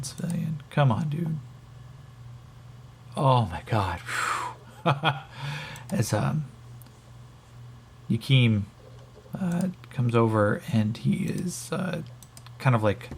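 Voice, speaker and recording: Solo game master, gravelly voice, halting think-aloud narration, faint keyboard noise behind. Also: male voice, medium pitch, animated.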